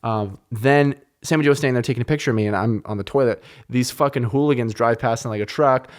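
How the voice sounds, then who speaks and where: A young man in casual podcast chat, swearing freely as he retells things that riled him up. His voice sits at an ordinary middle pitch, and his talk stays lively and loose. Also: quick pace. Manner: animated, profane, heated retelling of anecdotes. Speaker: podcast host.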